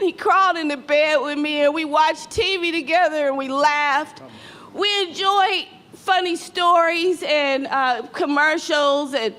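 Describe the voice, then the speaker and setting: A woman's voice: high-pitched, a bit bright. A grieving mother speaking heartfelt words to a gathering, fighting to stay composed. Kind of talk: emotional public statement.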